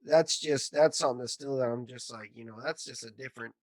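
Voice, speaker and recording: A man co-hosting a podcast, speaking in a halting way, repeating himself and swearing. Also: medium pitch, no room sound. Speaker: podcast co-host, veteran. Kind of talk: casual conversation.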